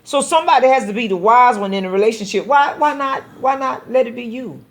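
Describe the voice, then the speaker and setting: A woman pastor hosting a call-in radio show speaks fairly quickly in a fairly high-pitched voice. She preaches to her listeners earnestly and exhortingly, repeating words frequently as she develops her point.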